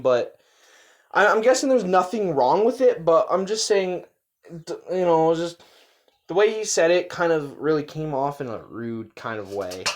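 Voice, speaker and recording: A man's voice: fairly high pitch, expressive, a little slow. Rambling man reacting to a video. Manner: rambling, repeats himself, hedges with fillers. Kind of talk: casual reaction commentary.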